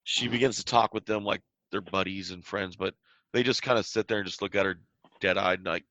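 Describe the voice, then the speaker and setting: A man's voice: deep voice, steady tone, a little fast, sharp tone, dry recording, lo-fi sound. A man narrating a tabletop game as game master, describing scenes in a loose style with restarts.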